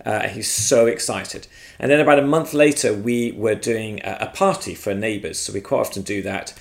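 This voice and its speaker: A man from England, recorded outdoors at his home and telling a faith story with lively, shifting emphasis. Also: lowish voice, moderate pace, vocal fry. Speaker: guest speaker. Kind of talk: storytelling testimony on video. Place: outdoors at their home, front yard.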